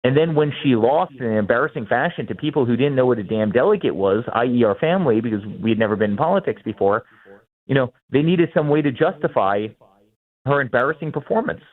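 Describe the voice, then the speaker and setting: A man's voice: mid-range voice, lively intonation, fast talker. A man in his forties, the guest in an interview, speaking emphatically and often repeating words as he starts sentences. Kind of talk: fast, heated interview talk. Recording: tinny phone-line sound.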